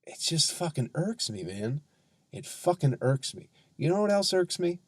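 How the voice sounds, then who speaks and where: A man, a comedian hosting his own podcast, ranting heatedly and sarcastically with lots of profanity and drawn-out emphasis. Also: fairly high pitch, very animated, dry recording. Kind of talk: ranting solo podcast monologue.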